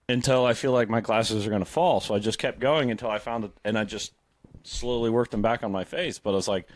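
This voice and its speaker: A young man chatting on a casual podcast, rambling through stories with a steady "like" in every other phrase. His voice sits at an ordinary middle pitch. The sound is dry and close, with no room around it. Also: fast talker, no room sound. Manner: rambling storyteller, lots of "like" fillers. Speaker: podcast co-host. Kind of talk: casual chat.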